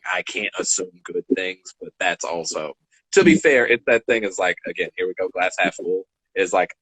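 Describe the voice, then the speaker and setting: A man in his twenties co-hosting a podcast, telling stories in a casual, animated way and acting out the dialogue. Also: low voice, breathy edge, no room sound, poor audio. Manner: animated, acts out dialogue, laughs between lines. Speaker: podcast co-host. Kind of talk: casual storytelling chat.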